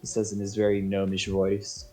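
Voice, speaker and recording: A man's voice: on the low side, completely flat delivery, normal speed, darkish tone, faint music behind. A man narrating as game master on a tabletop game stream, casual and rambling, with many restarts. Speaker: dungeon master.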